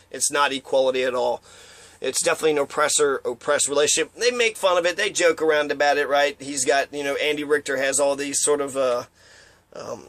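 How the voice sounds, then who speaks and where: A man's voice: on the high side, fairly bright tone. A man giving a rambling, profane monologue of opinions, now and then acting out quotes in mocking voices. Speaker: commentator.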